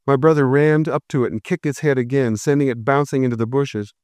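Male storyteller, smooth and resonant, dry close sound, measured reading. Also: mid-range voice, fairly even intonation, a little mellow, dry recording. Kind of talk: first-person story narration.

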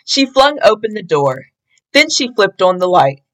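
Slow, expressive storybook-reading woman. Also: medium pitch, rough recording. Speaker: storybook reader. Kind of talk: storybook read-aloud.

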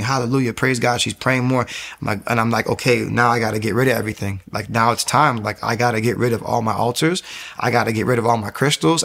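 Gravelly man telling an animated testimony. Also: medium pitch. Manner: animated storytelling, acts out quoted voices. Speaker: guest giving a testimony. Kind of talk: conversational testimony.

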